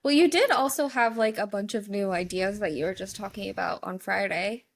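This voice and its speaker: A woman's voice: medium pitch, brisk, creaky, dry recording. A woman co-hosting a podcast, chatting casually, laughing often and answering with short agreements. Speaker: podcast co-host. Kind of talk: casual chat.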